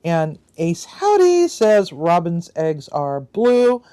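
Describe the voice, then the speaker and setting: Woman host, low and unhurried, reads players' answers aloud with chatty asides. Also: big pitch swings, mellow, smooth. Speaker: livestream host. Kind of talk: casual livestream, reading out game answers.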